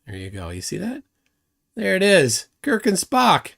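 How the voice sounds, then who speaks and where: Man, lively up-and-down voice, casual rambling stream commentary, restarts a lot. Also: high voice, a little slow, vocal fry, a little hiss or hum. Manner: rambling, self-deprecating, many restarts. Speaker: live stream host.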